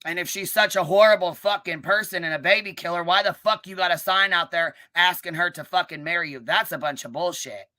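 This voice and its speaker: A woman hosting a live stream, ranting and calling people out in a combative, profanity-heavy way, with a notably low, bass-heavy voice. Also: fairly quick, few pauses, bright, forceful tone. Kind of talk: live-stream commentary rant.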